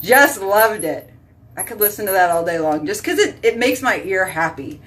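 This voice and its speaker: A woman with a lilt hosts a casual live stream, reading viewers' names aloud and wandering between topics. Her voice sits in an ordinary middle pitch, and her talk is loose and rambling. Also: animated, normal speed, a bit bright, recorded from a distance. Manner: chatty, rambling, addresses viewers by name. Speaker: host reading live chat.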